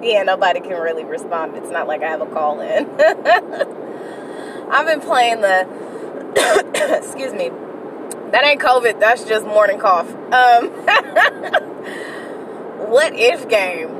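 A woman's voice: medium pitch, lively intonation, slow pace, long pauses. A woman, hosting a casual solo podcast, talking candidly and profanely in a rambling way with sudden outbursts, from inside a car. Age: early 30s. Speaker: podcast host. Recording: distant mic with car road noise.

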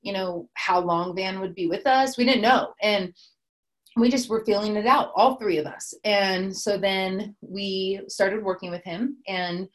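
A young woman co-founder recounts her company's early days in a lively, chatty way. She jumps into quoted dialogue as she goes, with a mid-range voice. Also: medium pitch, unhurried. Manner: animated, acts out quoted dialogue. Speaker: startup co-founder. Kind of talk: casual storytelling chat.

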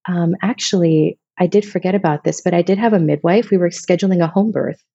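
A woman's voice: on the low side, a little fast, gravelly, dark tone, breathy edge, dry recording, highs cut off. A woman in her thirties from Vermont, telling personal stories in a casual, emotional, rambling way as a podcast guest. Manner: emotional, rambling, many restarts.

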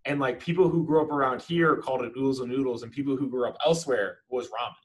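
A man's voice: medium pitch, steady tone, fast talker, rough recording. A man co-hosting a podcast as a teacher, talking in a rambling casual way with many "like" fillers. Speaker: podcast co-host. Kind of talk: casual chat.

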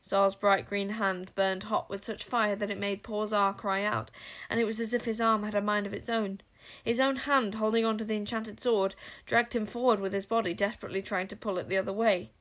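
A woman narrating a storybook with an expressive, dramatic delivery. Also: mid-range voice, fairly quick. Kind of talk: storybook reading.

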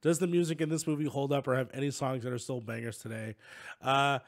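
Jokey man with a creaky voice. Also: mid-range voice, steady tone, fast talker. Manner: jokey, laughing often. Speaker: podcast co-host. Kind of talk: casual chat.

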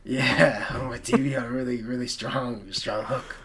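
A man riffing on a comedy podcast, wandering from one absurd tangent to the next with a straight-faced, deadpan delivery. His voice sits at an ordinary middle pitch for a man, and he keeps the banter loose and improvised. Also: normal speed, crowd noise. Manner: rambling, deadpan absurd jokes. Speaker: podcast co-host.

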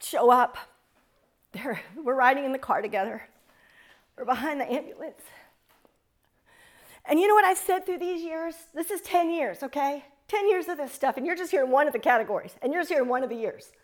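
A woman's voice: sits high, brisk. A woman in her forties telling a personal testimony to an audience in an earnest, fervent storytelling manner. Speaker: speaker sharing a testimony.

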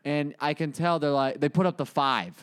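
A man's voice: on the high side, moderate pace, clean tone. A young man in casual podcast chat, animatedly telling a story, swearing freely and acting out what people said.

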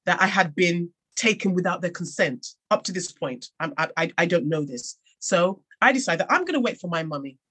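A woman's voice: fairly low pitch, expressive, a little fast, hardly any pauses, fairly bright tone, slightly rough. An English woman from England, a podcast guest and author, telling her own story in an earnest, reflective way with frequent restarts. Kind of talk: personal storytelling in a podcast interview.

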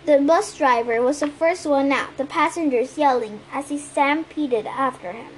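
A woman reading a novel aloud as an amateur audiobook reader, lively, putting on voices for the quotes. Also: high-pitched, moderate pace, a little hiss or hum, poor audio.

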